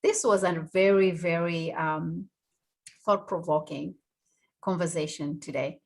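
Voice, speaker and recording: A woman's voice: on the low side, fairly even intonation, measured pace. A woman hosting a radio talk show, thanking and affirming her guests with some restarts. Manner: warm, affirming, with fillers and restarts. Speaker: host.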